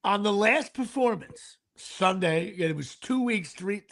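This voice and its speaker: A man with a notably high, gravelly voice chats casually as a podcast host. He rambles through his stories and restarts his sentences often. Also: lively intonation, measured pace, fairly bright tone. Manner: rambling storyteller, frequent fillers and restarts. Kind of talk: casual chat.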